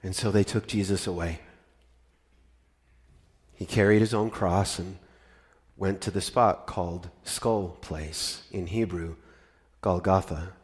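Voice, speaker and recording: A man narrating a dramatic scripture reading with expressive, varied emphasis. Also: low-pitched, slow, pauses often. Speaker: scripture reader.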